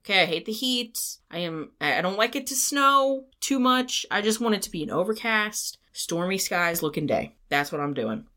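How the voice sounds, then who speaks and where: A woman's voice: mid-range voice, expressive, moderate pace, hardly any pauses, pushed and bright. A woman in her thirties, a podcast cohost in casual chat, blunt and wry with frequent swearing. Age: 30s.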